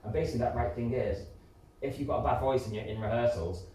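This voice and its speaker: A man's voice: medium pitch, fast, dark tone. A man in his thirties, a musical theatre performer interviewed live on stage, talking candidly with many fillers and restarts. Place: community centre hall before an audience. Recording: echoey hall, distant mic, faint noise.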